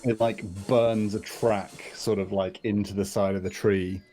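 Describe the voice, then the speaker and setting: A man takes his turn in a tabletop game, his voice low and his pace very slow. He feels his way through each action with pauses. Faint music sits under him. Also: little pitch movement, mellow. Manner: slow, thoughtful, hesitant. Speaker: player.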